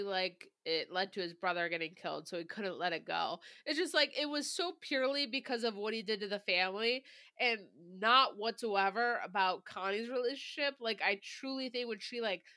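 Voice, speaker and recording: A chatty woman co-hosting a relaxed movie podcast, sprinkling "like" through her sentences. Her voice sits a little high and sounds bright, and the recording is dry and close. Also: no room sound. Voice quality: chatty, many "like" fillers. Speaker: podcast co-host. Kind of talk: casual movie review chat.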